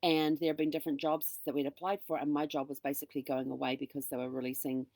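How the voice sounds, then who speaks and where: A middle-aged woman hosting a show, telling a personal story in a casual monologue and acting out the dialogue with lively energy. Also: sits low, fast talker, no echo. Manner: animated, acts out quoted dialogue. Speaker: host.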